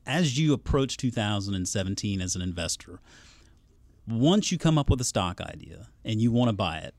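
A man's voice: fairly low pitch, expressive, normal speed, a little mellow, dry recording. A man, an investment analyst, chatting casually and thoughtfully, often hedging his points. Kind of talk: casual chat.

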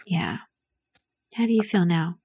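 Gravelly woman coaching gently. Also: fairly low pitch, no echo. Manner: soft, soothing, slow and nurturing. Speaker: host giving advice to a caller.

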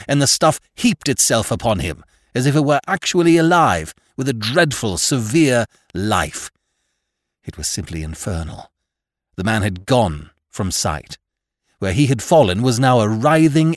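A man's voice: lowish voice, dry recording, clean studio sound. A man narrating a classic horror story as a podcast host, reading dramatically and rising and sinking with the tension. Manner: dramatic, rises and sinks with the tension.

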